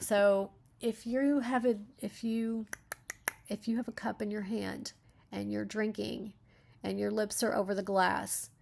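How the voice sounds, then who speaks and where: Gravelly-voiced woman reading and critiquing. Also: mid-range voice, darkish tone. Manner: reads text aloud, breaking off to comment. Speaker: beta reader giving writing critique. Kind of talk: reading a story aloud and critiquing it.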